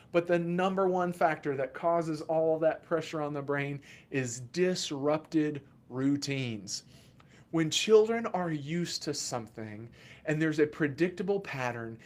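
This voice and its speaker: Speaking to camera with a slightly high voice, a male children's mental health therapist delivers casual educational content. He's animated and playful, breaking into sudden loud asides as he jokes.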